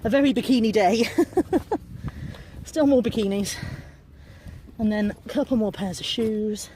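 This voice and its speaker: A woman's voice: medium pitch, moderate pace, dark tone. A British woman vlogging at an outdoor car boot sale, chatting wryly and self-deprecatingly while out of breath and snuffly with a cold. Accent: British English. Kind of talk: casual vlog narration. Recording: noisy outdoor recording.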